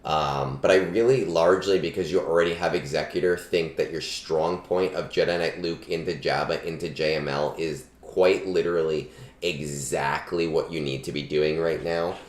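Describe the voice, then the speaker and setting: A man streaming live and giving game advice in a relaxed, chatty way, full of ums, on a cheap starter microphone. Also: very deep voice, moderate pace. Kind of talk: casual live-stream chat. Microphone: budget starter microphone. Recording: echoey room, cheap mic.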